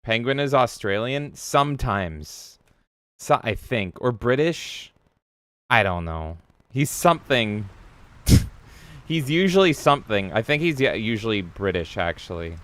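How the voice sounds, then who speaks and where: A man's voice: medium pitch, animated, unhurried, fairly bright tone. A man streaming a video game, chatting casually and playfully with swearing while reading viewer comments aloud. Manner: playful, profane, reads chat aloud. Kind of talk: casual live-stream chat.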